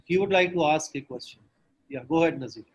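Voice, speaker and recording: Male moderator, somewhat high voice, hesitant, lots of fillers, video call. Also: fast, slightly rough, rough recording. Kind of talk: moderating a panel discussion. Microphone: remote video call.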